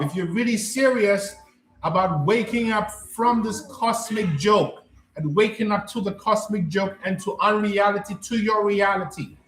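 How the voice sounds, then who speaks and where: A man's voice: sits high, a bit bright, reverberant. A man coaching on a live stream, answering chat in an emphatic, repetitive way and often checking that listeners follow him.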